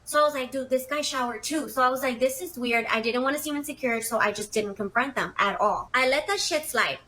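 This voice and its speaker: A woman's voice: on the high side, a little fast, bright, forceful tone. A young woman telling a confession story in a casual, chatty, dramatic way, with lots of fillers. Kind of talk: casual first-person storytelling.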